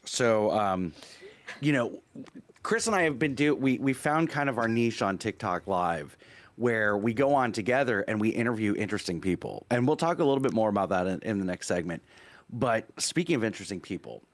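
A man hosting a casual podcast chat, his voice rising and falling in lively swings as he tells stories. He rambles and restarts himself often, and the sound is close and dry with no room around it. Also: fairly low pitch, brisk, dry recording. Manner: animated storyteller, rambling with restarts. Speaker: podcast host.

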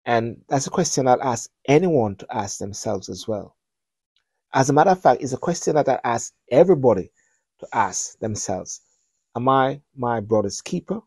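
Earnest man with a dark husky voice. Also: mid-range voice, animated, moderate pace, dry recording. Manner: earnest, repetitive, preacher-like appeals. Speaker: talk show host. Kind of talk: spoken commentary.

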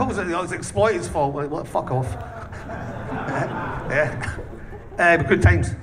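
A man's voice: high voice, lively intonation, takes it slowly, pauses often. A man telling rowdy stories in a casual interview, swearing constantly and breaking into laughter. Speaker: punk band singer. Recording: distant mic with faint background noise.

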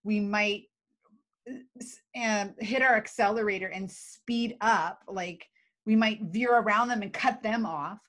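Speaking at a medium pitch and a measured pace, this emotional intelligence expert joins a casual live video chat as a guest. She explains with animation, performing examples to illustrate her points.

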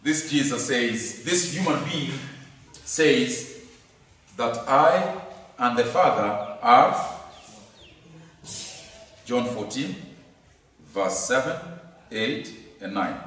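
A man's voice: mid-range voice, expressive, drawn-out words, pauses often, a bit bright. A man teaching a lesson on scripture, speaking emphatically, repeating key phrases and asking rhetorical questions. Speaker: Bible teacher. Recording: echoey hall from far off.

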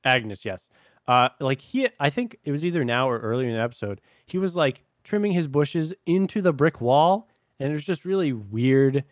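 A man's voice: medium pitch, expressive, normal speed, no room sound, clean studio sound. A man co-hosting a casual review chat, rambling with fillers and laughing often. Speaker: podcast co-host reviewing a show.

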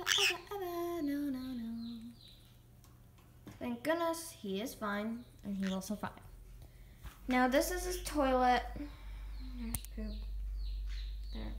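A woman's voice: a little high, a bit bright, a little hiss or hum. A young girl chatting casually about her pets, rambling and restarting often. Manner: rambling, halting, full of restarts. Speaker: vlogger. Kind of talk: casual pet vlog.

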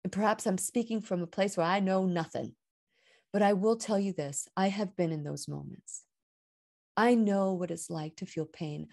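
A woman's voice: medium pitch, normal speed, gravelly, mellow. A woman hosting a radio show, giving an earnest, heartfelt inspirational talk about faith, and rising and falling with emphasis.

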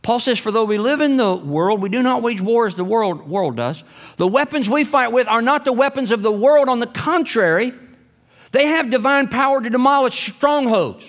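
A man preaching a sermon as pastor, reading scripture and stories with emphatic delivery that swings between raised, urgent lines and hushed, low ones. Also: animated, normal speed.

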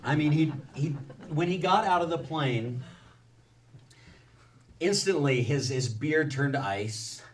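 A man's voice: a little high, expressive, slow, long pauses, far from the mic. A man reading aloud from his own book at a library event, then talking loosely with fillers and restarts. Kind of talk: book reading mixed with casual storytelling. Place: public library event room.

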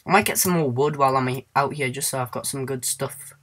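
A man's voice: mid-range voice, quick pace, fairly bright tone, slight background noise. A man giving casual let's-play commentary in a goofy, rambling way, humming and singing to himself and squealing now and then.

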